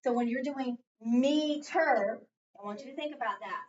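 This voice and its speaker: A woman's voice: on the high side, fast talker. A woman teaching a one-on-one phonics lesson, prompting patiently and stretching out her cues, in a school classroom. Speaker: reading teacher. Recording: distant, dull lo-fi recording.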